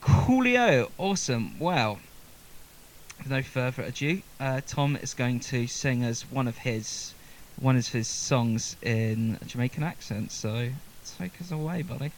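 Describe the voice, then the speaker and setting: A man hosts a music session in an upbeat, joking way, laughing often. His pitch swings widely as he talks, over a faint hiss. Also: expressive, a little slow. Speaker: host of a music session show. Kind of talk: casual hosting chat.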